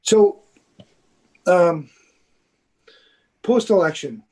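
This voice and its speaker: A man's voice: high-pitched, huge pitch swings, extremely slow, a little mellow. A man co-hosting a podcast in casual chat, talking earnestly and at length, with casual swearing. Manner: earnest, rambling, profane. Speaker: podcast co-host.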